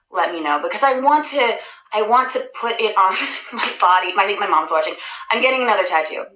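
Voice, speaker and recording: Woman, casual livestream chat, bubbly, self-deprecating, mid pitch, echoey room. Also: pushed and bright. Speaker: livestream host answering fan questions. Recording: roomy echo.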